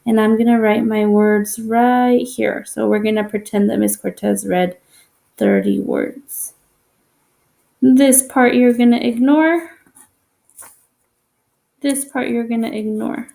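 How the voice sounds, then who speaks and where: A woman teacher walks young children through a homework assignment with patience and encouragement. Her voice sits a little high and carries a gravelly fry, and she repeats each instruction slowly so no one gets lost. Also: expressive, mellow. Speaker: elementary school teacher.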